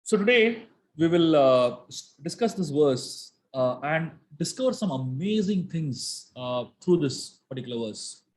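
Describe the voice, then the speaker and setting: A fairly high-voiced man teaches a scripture class with emphatic, rising stresses. He slows down to chant verses and explain them word by word, in the manner of a spiritual teacher addressing a live audience. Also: animated. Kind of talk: lecture on scripture.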